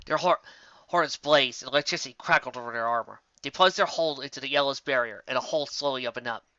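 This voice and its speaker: A reader narrating fan fiction aloud in an animated way. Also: medium pitch, fast talker, no room sound. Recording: dull lo-fi home recording.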